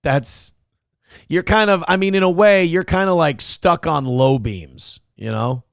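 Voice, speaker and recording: A man's voice: fairly high pitch, unhurried, gravelly, fairly bright tone, no room sound, clean studio sound. A man hosting a live-streamed commentary show, rambling and joking crudely while reading out chat comments. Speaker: host.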